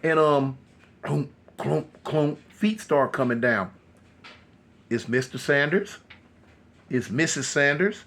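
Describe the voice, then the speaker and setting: A man telling a horror story casually, animated and loose with many fillers. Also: fairly high pitch, takes it slowly, long pauses.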